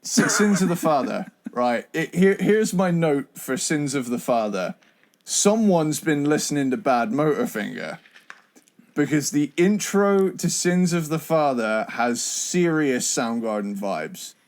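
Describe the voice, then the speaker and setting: Slow-talking joking man. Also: fairly high pitch, lively intonation. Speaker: podcast co-host. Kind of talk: casual chat.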